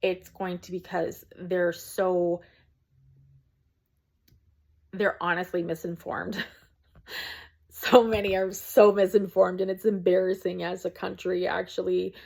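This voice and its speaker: A woman's voice: on the low side, level tone, unhurried, vocal fry. A woman, a small content creator, talking to camera from home in an earnest, preachy rant with frequent ums.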